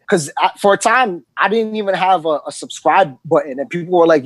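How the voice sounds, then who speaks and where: A man's voice: high voice, fast talker, few pauses, dry recording. A man with a New York accent, a DJ chatting casually on a podcast, rambling with lots of ums. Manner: rambling, many ums and you-knows. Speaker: guest DJ.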